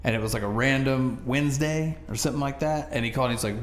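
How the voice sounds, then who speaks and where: A man spinning a story on a casual podcast, animated and quick to laugh. His voice sits at an ordinary middle pitch. The room around him rings with echo, and a faint hiss runs underneath. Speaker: podcast co-host. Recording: echoey room, faint noise.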